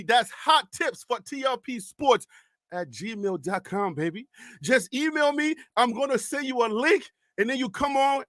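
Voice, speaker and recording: A middle-aged Liberian man hosts a live show at full volume, calling out viewers by name. His voice sits very high and sounds bright and forceful. The sound is dry and close, and he is often out of breath. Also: dry recording. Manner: loud, shouty, hyped, talks to chat by name. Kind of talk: high-energy live stream chat.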